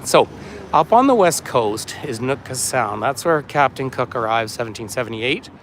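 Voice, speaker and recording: A man's voice: mid-range voice, lively intonation, normal speed. Guy doing a walking tour livestream outside, rambly and chatty, faint street noise behind. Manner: chatty, rambling, reads out viewer comments. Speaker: tour guide. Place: outdoors on a city waterfront street.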